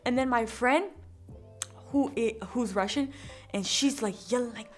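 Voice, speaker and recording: A woman telling a casual story-time vlog, speaking in an animated, candid way. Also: high voice, measured pace. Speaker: vlogger.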